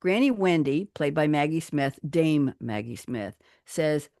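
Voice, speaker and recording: A woman hosting a talk radio show, telling stories in a lively way and laughing as she talks. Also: sits low, measured pace, no echo, studio quality. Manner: lively storytelling, laughs while talking. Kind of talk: casual chat. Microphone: studio microphone.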